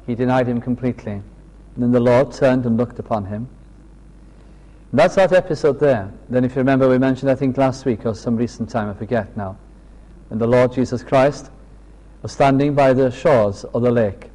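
A man gives a sermon in an earnest, unhurried storytelling manner and acts out the quoted dialogue. His voice sits at an everyday middle pitch. A long reverb trails each phrase, as in a large hall. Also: mellow. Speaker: preacher.

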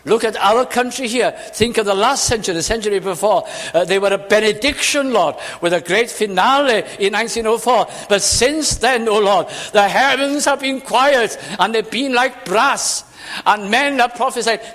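A man preaching a sermon, reading scripture slowly and dramatically, swelling and dropping his volume. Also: high-pitched, fairly bright tone, long reverb tail.

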